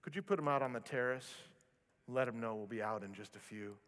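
Guy doing a stuck-up rich roman host, low hushed voice, slow and condescending, echoey hall. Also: lightly acted. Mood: haughty. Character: snobbish wealthy Roman male banquet host.

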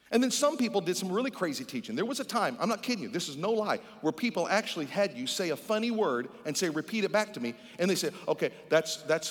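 A male pastor preaches with a high voice that leaps all over the place, playing out small scenes and voices as he goes. His sermon rings out with a long hall reverb, as in a big church. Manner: animated preaching, acts out voices and repeated chants.

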